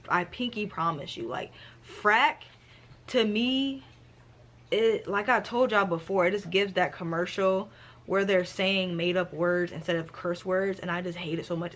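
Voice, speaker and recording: A woman vlogging about her reading, talking in an animated, sassy, slang-filled way as she reviews a book. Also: fairly low pitch, slight background noise. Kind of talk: casual book review chat.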